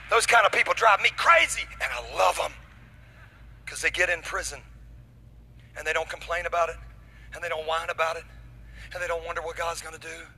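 Man, pastor, energetic sermon, high voice, very bright, acts out stories. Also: fairly quick, long pauses, husky, rough recording. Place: church.

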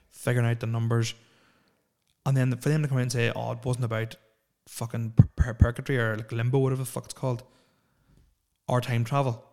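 A man in his thirties hosts a solo podcast, rambling through profane, opinionated rants. His voice sits at an ordinary pitch and stays monotone, barely rising or falling as he swears his way from one gripe to the next. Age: 30s. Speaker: podcast host.

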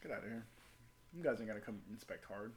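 Profane animated man telling stories. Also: on the low side, fast, roomy sound, heavy background noise. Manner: profane, animated storyteller acting out quotes. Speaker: former Marine telling a story. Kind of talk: casual podcast chat.

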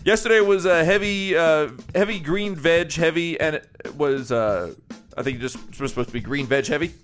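A man's voice: on the high side, normal speed, a bit bright, soft background music. A man co-hosting a comedy podcast, reading listener mail aloud and laughing as he goes. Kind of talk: casual comedic chat.

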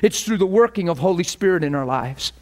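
A man giving an informal sermon, telling stories with repeated words and rising to excited peaks. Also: high-pitched, brisk. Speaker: preacher.

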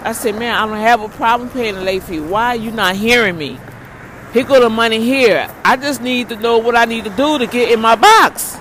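A woman, a ministry leader, telling a frustrating story in an animated vlog, breaking into prayers and repeating herself. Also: on the high side, moderate pace, a little hiss or hum.

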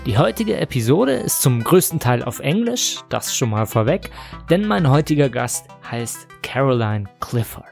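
A man hosting a podcast and reading a scripted introduction in a measured, self-deprecating way. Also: mid-range voice, big pitch swings, vocal fry, a little mellow, faint music behind. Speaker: podcast host.

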